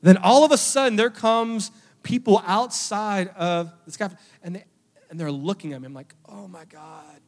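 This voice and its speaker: A young adult man preaching a sermon, telling a personal story with emotion, his voice dropping to a hush and then rising loud. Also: sits high, moderate pace. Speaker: pastor. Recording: long hall reverb with faint music. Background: faint music.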